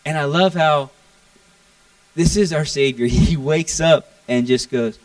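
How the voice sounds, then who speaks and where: A young man from Florida preaches with lots of energy, with a gravelly, fry-tinged voice. He jumps to a higher pitch when he acts out people's words. He is heard from a little way off the mic, in a dry sound. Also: a little slow, dry recording, recorded from a distance, rough recording. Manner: animated, acts out quotes in a raised voice. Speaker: pastor. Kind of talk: sermon.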